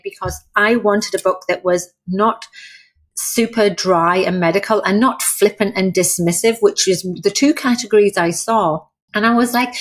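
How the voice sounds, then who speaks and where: A woman, a guest in a casual interview, talking in a chatty, candid and self-deprecating way with frank slang. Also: mid-range voice. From England. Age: 50s. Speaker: guest, personal trainer and author.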